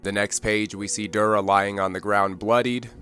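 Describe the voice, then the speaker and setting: A man's voice: lowish voice, steady tone, normal speed, bright, forceful tone, clear, resonant tone, faint music behind. Laid-back man recapping manga chapters. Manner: reads dialogue aloud in a loose conversational way, "kinda", "like". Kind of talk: casual manga recap narration.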